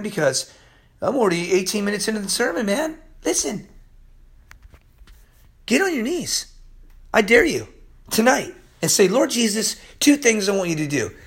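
A man delivers a sermon in a high, wildly swinging voice. He is impassioned, laughs often mid-sentence, and lurches from near-whispers to yelling. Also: vocal fry, husky. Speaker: pastor.

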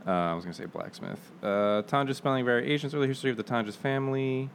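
A man co-hosting a casual podcast who reads facts aloud slowly and carefully. His voice sits at an average pitch for a man. A soft hiss stays in the background. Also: vocal fry. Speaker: podcast co-host. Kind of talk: casual chat.

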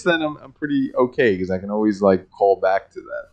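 An American man co-hosting a podcast, chatting casually, animated and swearing often. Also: lowish voice, brisk, no echo. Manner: swears a lot, animated and joking. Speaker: podcast co-host.

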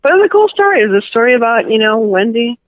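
A woman with a Cuban-New York accent, a guest author, telling a rambling, animated story in a casual interview. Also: a little high, racing, no room sound. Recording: tinny phone line.

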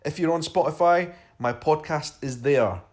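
A man's voice: fairly high pitch, normal speed, darkish tone. A man from Scotland with an Edinburgh accent, hosting his podcast and telling a personal story in a casual, chatty way. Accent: Scottish, Edinburgh. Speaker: podcast host.

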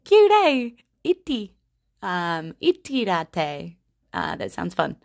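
A woman giving a casual vocabulary lesson in a playful, giggly, unhurried way. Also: lowish voice, wildly swooping pitch, gravelly, no echo, clean studio sound. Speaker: language teacher.

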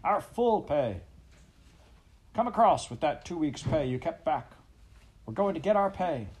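A man voicing an angry crowd of male workers who shout their demands in a storybook reading. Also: fairly high pitch, big pitch swings, unhurried, a little hiss or hum, pitched above the performer's own voice.

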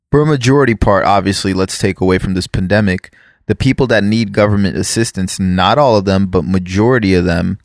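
A man's voice: lowish voice, creaky, no room sound, studio quality. A man who immigrated to the US, chatting casually and rambling, correcting himself and swearing offhand. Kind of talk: casual podcast chat.

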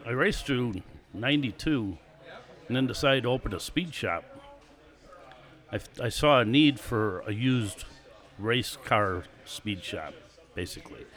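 An older man in his sixties, a guest on a live show, relaxed and chatty as he tells his stories. His voice sits in an ordinary middle pitch and breaks into small chuckles between stories. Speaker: guest, former stock car racer. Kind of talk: casual storytelling interview.

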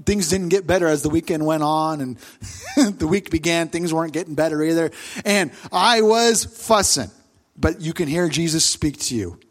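A male pastor delivers a sermon with a notably high voice. He tells the story with plenty of animation and bursts into loud, acted-out quotes. He sounds middle-aged. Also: normal speed.

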